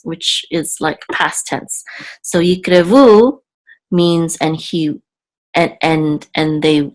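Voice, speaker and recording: A woman teaching a reading lesson, patiently repeating and slowly sounding out each word. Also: low voice. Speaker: Hebrew teacher. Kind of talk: explaining a reading lesson to camera.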